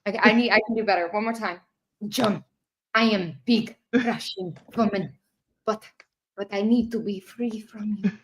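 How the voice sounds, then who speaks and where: A woman's voice: mid-range voice, fairly even intonation, very fast, hardly any pauses, pushed and bright, slight background noise, close to an everyday voice. A woman voicing a big, brash Russian woman in a jokey mock-dramatic accent. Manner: laughing through a jokey accent.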